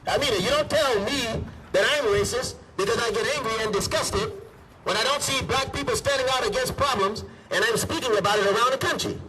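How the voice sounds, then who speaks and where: Man giving a fiery rally speech, really high voice, mic far off, bit of noise behind. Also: a little fast, sharp tone. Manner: emphatic, repeats his points. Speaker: minister. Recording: distant mic with faint background noise.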